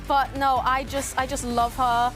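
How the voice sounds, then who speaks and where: Woman panelist, fairly high voice, warm and emotional, faint music. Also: flat delivery, a little slow. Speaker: pundit. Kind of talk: studio panel chat.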